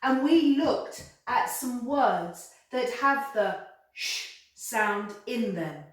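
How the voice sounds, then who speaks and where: Woman, children's English teacher, very slow and clear, sounds out letters, very echoey room heard from a distance. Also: on the high side, lively intonation. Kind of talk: slow phonics lesson for kids.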